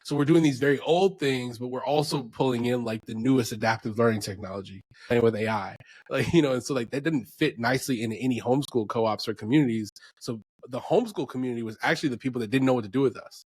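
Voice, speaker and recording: A man's voice: medium pitch, fast talker, few pauses, breathy edge, dry recording. A man in his thirties, an educator and homeschooling parent, telling stories in a loose podcast chat, full of fillers and laughter. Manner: animated storyteller, lots of fillers and laughs. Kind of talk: casual podcast conversation.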